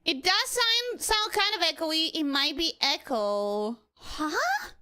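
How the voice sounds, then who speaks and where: Excitable high-voiced woman streamer. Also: slow pace. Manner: excitable, animated, swears freely. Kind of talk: casual game livestream commentary.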